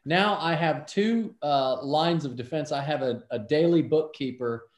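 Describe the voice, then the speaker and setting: A middle-aged man tells a story as a guest in a casual interview, and he acts out the people in it with lively voices. His voice sits a little high. The recording has a roomy echo. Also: measured pace. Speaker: podcast guest, businessman.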